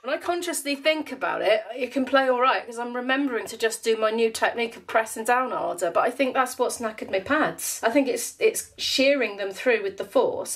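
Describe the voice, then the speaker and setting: A woman vlogging at home, talking to camera in a chatty, rambling, emotional way. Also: on the high side. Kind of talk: casual vlog chat to camera. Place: at home, indoors. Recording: echoey room.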